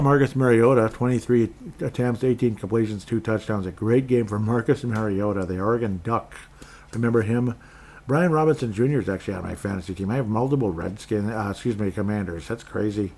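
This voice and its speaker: A man's voice: lowish voice, darkish tone. A man from Minnesota hosting a sports podcast, rambling casually with sarcastic asides and frequent restarts.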